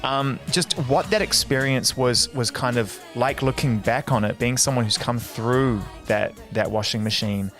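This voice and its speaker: A man's voice: medium pitch, a bit bright. Enthusiastic male interviewer, music underneath. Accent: New Zealand. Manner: enthusiastic, rambling, quick asides. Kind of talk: casual interview chat.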